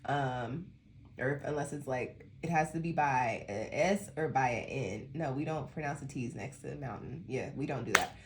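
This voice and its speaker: Low-pitched tired woman with a Colorado accent, casual tarot reader, slight lisp, faint background noise. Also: normal speed. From Denver, Colorado. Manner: rambling, chatty, laughs often. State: sleepy. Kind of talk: casual monthly tarot reading.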